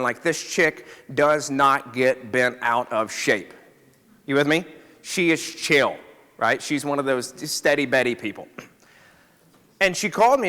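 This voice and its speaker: With a voice on the high side and a sharp tone, a male chiropractor tells a story to a live audience. He keeps it casual and conversational, often checking in with his listeners, and the hall around him is reverberant.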